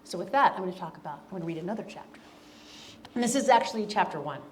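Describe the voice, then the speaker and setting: A woman's voice: lowish voice, expressive, racing, a little hiss or hum. A woman from the American South, an author giving an earnest, emphatic talk to a room and reading from her own book. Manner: earnest, emphatic, repeats key lines. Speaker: author and speaker. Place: event room before an audience.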